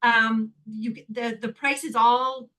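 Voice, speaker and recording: A woman from Canada is being interviewed, and her voice sits high and bright. She tells her story with a lot of life, laughing often and acting out the voices of the people in it. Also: takes it slowly, poor audio. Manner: animated, laughs often, acts out quoted dialogue. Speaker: guest, healing technique teacher.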